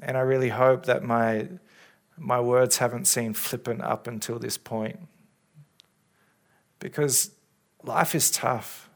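A man preaching in a church, speaking as a pastor in an earnest, caring way with halting restarts, into a stage microphone. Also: mid-range voice, little pitch movement. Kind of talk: sermon. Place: church service. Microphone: handheld or stage microphone.

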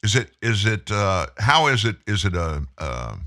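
A male talk show host with a fairly low voice and a forceful, bright delivery. He talks emphatically and challenges his listeners directly. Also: big pitch swings, normal speed.

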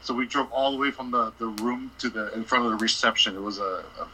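A man's voice: mid-range voice, fast talker, sharp tone, slight background noise, rough recording. A man telling a rambling, profane story in a casual interview, laughing and acting out what people said. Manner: profane, laughing, acts out quotes. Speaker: record label boss, guest.

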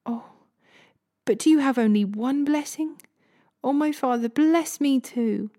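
A woman's voice: high-pitched, very animated, takes it slowly, creaky, dark tone, voice pushed up, heavily acted. A woman voicing a grieving young man who begs his father, her voice raised and drawn out. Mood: pleading.

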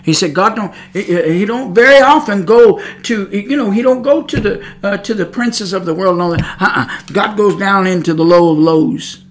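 A woman's voice: medium pitch, moderate pace, hardly any pauses. A woman preaching on a podcast, emphatic and scolding, repeating her points. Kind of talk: preaching monologue.

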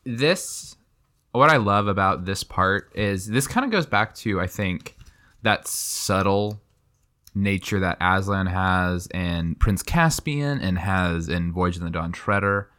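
Young male co-host, very low voice, eager and rambling, book talk. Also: slow pace, sharp tone. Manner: enthusiastic, rambling, lots of fillers. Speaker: podcast co-host. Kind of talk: casual book discussion.

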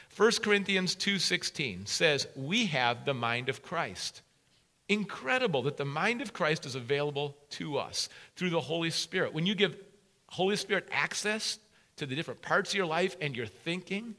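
Male pastor, sermon, high voice, bright tone, emphatic, repeats key phrases.

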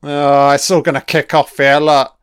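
A man's voice: a little high, flat delivery, normal speed, a bit bright, clear, resonant tone, no room sound, studio quality. A man giving a profane, sarcastic ranting commentary while watching a TV episode.

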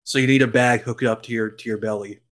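A young man co-hosting a podcast, chatting casually while reacting to a film and breaking into loud laughs. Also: mid-range voice, fast talker. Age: young adult. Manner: excitable, laughs loudly. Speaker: podcast co-host.

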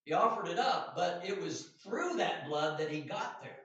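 A man teaching a Sunday school class, with a fairly high voice for a man. He talks in a loose, conversational way and keeps asking "right?" as he goes. The room sounds very echoey, and his voice comes from a distance, dull and muffled. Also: lively intonation, a bit bright. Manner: conversational, often checks in with "right?" and "all right?"; reads scripture aloud in slow, deliberate emphasis. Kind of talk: Bible lesson. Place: church classroom.

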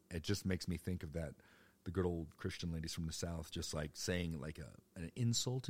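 A man's voice: low-pitched, moderate pace. A man in his fifties telling stories from his youth in a rambling, joking way, with the odd swear. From United States. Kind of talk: personal storytelling monologue.

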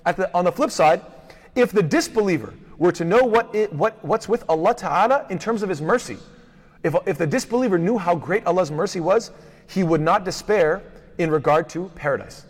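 A man teaching a lesson on hadith, rapidly reciting Arabic passages, then explaining them and posing rhetorical questions to his listeners. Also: sits high, lively intonation. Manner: poses rhetorical questions to the class. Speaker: Islamic studies teacher. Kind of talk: lecture on hadith. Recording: long hall reverb.

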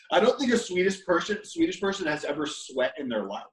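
A man's voice: on the high side, very animated, brisk. A young man co-hosting a casual podcast, cutting in with teasing jokes. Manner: teasing, jokey interjections. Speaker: podcast co-host. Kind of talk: casual chat. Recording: echoey room, mic at a distance.

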